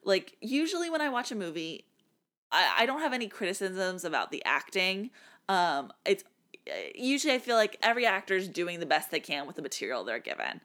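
A woman co-hosting a podcast, giving frank, animated opinions on a movie in casual chat. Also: mid-range voice, a little fast. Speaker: podcast co-host. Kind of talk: casual film review chat.

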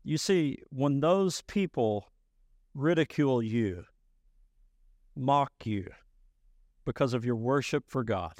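A man preaching a sermon as pastor, emphatic and rising to loud bursts. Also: medium pitch, animated, slow pace, pauses often, no echo.

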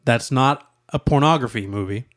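A man's voice: medium pitch, moderate pace, fairly bright tone. A young man co-hosting a casual podcast, rambling and hedging with lots of fillers. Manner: rambling, hedges with many "like"s. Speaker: podcast co-host.

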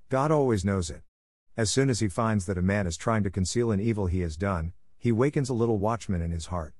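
A gentle, wise old grandmother speaks kindly and patiently, voiced by a man reading a storybook. The voice sits a touch higher than his own low tone, with no room sound at all. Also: no room sound, clean studio sound. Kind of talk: audiobook character voice.

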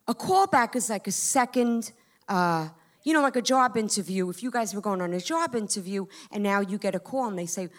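A woman's voice: fairly high pitch, lively intonation, a little fast. A woman in her fifties doing stand-up storytelling, brash and profane, talking straight to the crowd. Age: 50s. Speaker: comedian.

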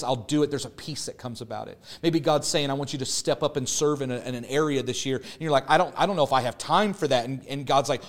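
Earnest man preaching a sermon. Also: mid-range voice. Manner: earnest, repetitive preaching cadence with slow emphatic stretches; prayerful, pleading close. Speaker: pastor. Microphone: podcast or online service recording.

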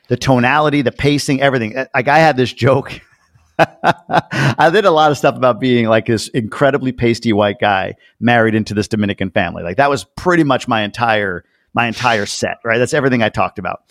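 Male host, mid pitch, dry close mic; animated storyteller, casual and a bit profane. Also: no echo. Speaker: podcast host. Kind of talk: casual interview chat, storytelling.

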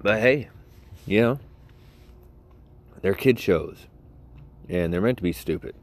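A middle-aged man with a very low voice rambles through a solo podcast. He is crude and sarcastic and laughs at his own jokes. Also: expressive, slow. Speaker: podcast host.

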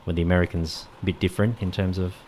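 A man's voice: sits low, little pitch movement, quick pace, darkish tone. An Australian man hosting a casual podcast interview, chatty, laughing often and repeating words as he starts his questions. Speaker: podcast host.

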